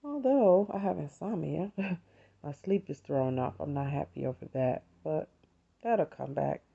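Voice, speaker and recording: An American woman hosts a podcast with a low, gravelly, warm voice at a measured pace, and the recording is muffled. She gives a heartfelt, conversational personal talk about faith, addressing listeners as "you all."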